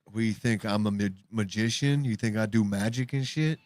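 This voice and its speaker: A man's voice: on the low side, a little fast, darkish tone, no echo, clean studio sound. A man co-hosting a livestream, making jokes and casual remarks while he reacts to videos. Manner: joking, wisecracking banter. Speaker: livestream co-host.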